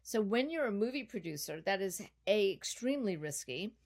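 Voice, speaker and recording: A middle-aged woman, guest on a podcast interview, telling a long personal story in an animated, chatty way. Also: mid-range voice, normal speed. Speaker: podcast guest, business founder.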